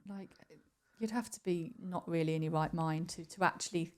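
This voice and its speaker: Earnest woman, lower voice. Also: normal speed. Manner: earnest, self-justifying. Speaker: interview guest. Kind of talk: TV interview.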